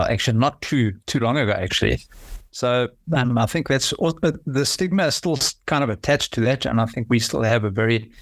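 A man's voice: mid-range voice, no echo, studio quality. A man chatting casually on a podcast, rambling and hesitant with frequent restarts.

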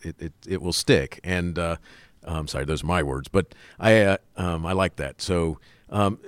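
A man's voice: deep voice, normal speed, clean tone, no echo. A man hosting an interview, chatty and enthusiastic as he asks questions. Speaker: interview host. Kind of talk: interview conversation.

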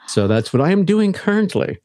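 A man's voice: high voice, big pitch swings, fairly quick, dark tone, no echo, clean studio sound. Easygoing man co-hosting a chat show. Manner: easygoing, laughs often, hesitant fillers. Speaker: podcast co-host. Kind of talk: casual chat. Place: home basement.

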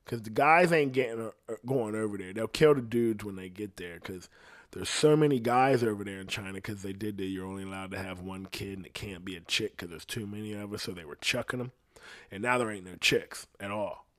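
A man tells a story in a casual, rambling monologue, swearing bluntly and turning loud and high-pitched when he gets outraged. He speaks briskly, and the sound is clean studio audio with no echo.

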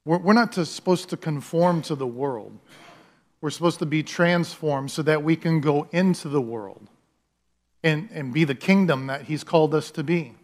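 Male pastor preaching, talks casual and earnest, kinda high voice, lots of restarts. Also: normal speed, darkish tone. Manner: earnest and conversational, with frequent restarts and asides. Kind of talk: sermon.

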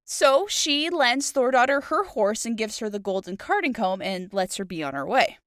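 A woman co-hosting a podcast who retells a fairy tale in a playful, animated way. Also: fairly high pitch, moderate pace, dry recording, studio quality. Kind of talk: casual chat and story narration.

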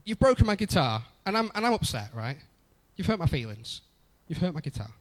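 A man's voice: fairly high pitch, big pitch swings, brisk. A young adult man preaching a conversational sermon, often repeating phrases for emphasis. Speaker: pastor.

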